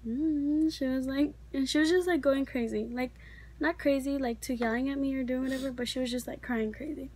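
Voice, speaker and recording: A teenage girl tells a story in a casual, rambling way, her voice sitting high. She talks in a chatty rush, packed with fillers. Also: steady tone, moderate pace, darkish tone. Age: teens. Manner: chatty, filler-heavy, many likes. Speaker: vlogger.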